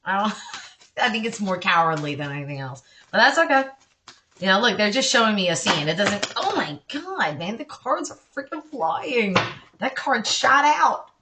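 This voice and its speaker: A woman reading tarot cards for her online followers in a loose, conversational way. Her voice is bright and forward, and she keeps reassuring her listeners while stopping now and then to apologize for getting sidetracked. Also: medium pitch, big pitch swings, normal speed, slight background noise. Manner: chatty, reassuring, with frequent apologetic asides. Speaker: tarot card reader. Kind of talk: casual tarot reading for viewers.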